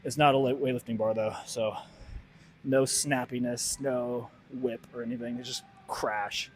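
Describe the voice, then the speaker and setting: Guy totally gassed at the gym, breathy and halting, chatting to the camera between sets. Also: mid-range voice, little pitch movement, a little hiss or hum. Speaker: weightlifter vlogging his workout. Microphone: camera set up nearby in the gym.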